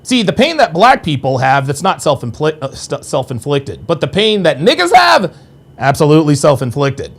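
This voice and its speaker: A man's voice: huge pitch swings, moderate pace, vocal fry. A man hosting a live-stream podcast, reading viewer chat aloud and firing back in a combative, profane way. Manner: combative and profane, swings between low mutters and sharp high outbursts.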